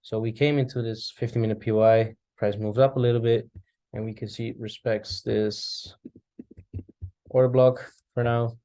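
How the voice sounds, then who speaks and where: A forex trader casually reviews his charts over screen share, thinking aloud and now and then yawning into his desk mic. His medium-pitched voice is warm, with little pitch movement, at normal speed in a dry recording.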